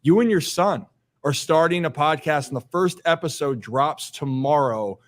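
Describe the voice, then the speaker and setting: A man's voice: a little high, moderate pace. A man hosting an interview show, asking long, winding questions in a casual way. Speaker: show host.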